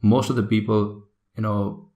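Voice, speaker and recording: A man's voice: lowish voice, level tone, unhurried, dark tone. A man teaching a recorded test lesson, explaining patiently and checking in with listeners. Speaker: English test tutor.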